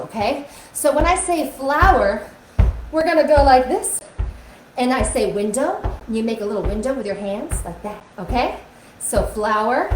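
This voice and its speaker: A woman's voice: fairly high pitch, a little hiss or hum. A young woman teaching a kids' music lesson on a live stream, coaxing children to join in with motions. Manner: upbeat, coaxing, talks to kids with motions. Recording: echoey room with faint music.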